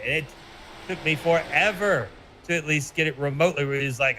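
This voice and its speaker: A Tennessee man calls play-by-play for a sim race, chatty and joking with his co-host, his voice a little high and a little fast. Steady background noise runs under the recording.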